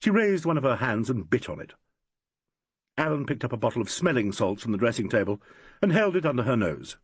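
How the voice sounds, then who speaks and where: A man narrating a classic mystery audiobook in an expressive storytelling manner. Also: mid-range voice, brisk, slightly rough, dry recording.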